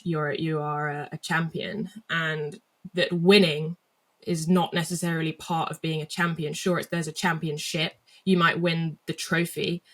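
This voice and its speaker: A woman's voice: sits low, fairly bright tone. A young woman from England speaking as an interview guest. She tells her story reflectively, with frequent fillers and restarts. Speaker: guest athlete.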